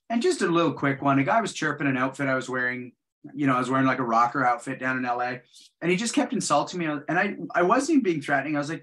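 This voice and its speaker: A man telling martial arts stories in a lively, animated way, acting out the voices of the people in them. His voice is bright and forceful and sits a little high. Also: quick pace. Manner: animated storyteller, acts out quotes. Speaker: guest martial artist. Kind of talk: casual chat.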